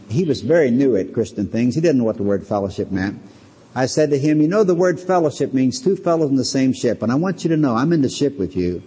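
Man, preacher, sermon, earnest teaching, slightly raspy, long echo. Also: medium pitch, dark tone. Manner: earnest, emphatic teaching with anecdotes.

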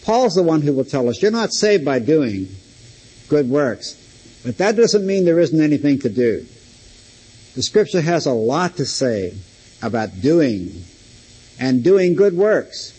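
Older husky-voiced man preaching. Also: on the high side, big pitch swings, warm tone, low-quality recording. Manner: stresses single words and slows down for emphasis. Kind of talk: sermon.

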